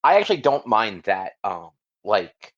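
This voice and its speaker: A man co-hosting a podcast, explaining his view at length in relaxed casual talk. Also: on the low side, measured pace, lo-fi sound. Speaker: podcast co-host. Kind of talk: casual chat.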